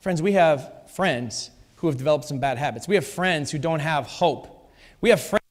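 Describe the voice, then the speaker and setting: Speaking at a normal speed with lively intonation and a fairly high pitch, a man preaches a sermon in a church sanctuary. He's emphatic, repeating his key phrases, and the church hall adds a long reverb.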